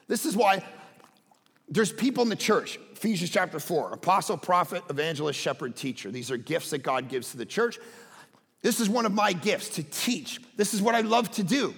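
A pastor preaching a sermon with animated storytelling and sudden loud bursts of emphasis. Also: male voice, sits high, moderate pace, vocal fry, breathy edge. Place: church hall. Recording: reverberant hall.

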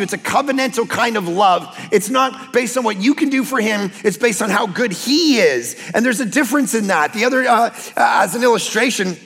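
A man preaching a sermon as pastor, telling lively personal stories and acting out quotes. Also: high-pitched, gravelly, husky, big-room sound. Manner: animated storytelling with acted-out quotes.

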